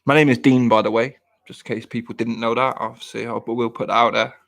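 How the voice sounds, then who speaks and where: A man from the of England talks loosely to his live-stream audience, joking and drifting from point to point. His voice sits at an ordinary middle pitch. He speaks in an easy, unscripted way. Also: flat delivery, fast talker, vocal fry, fairly bright tone. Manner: jokey, rambling, talks to chat viewers. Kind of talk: casual live-stream chat.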